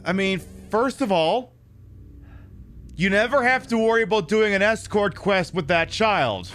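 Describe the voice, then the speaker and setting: Brief: male game streamer, sarcastic and profane, rambles, fairly high voice that swings widely. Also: animated, a little slow, fairly bright tone, slight background noise. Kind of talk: casual gameplay commentary.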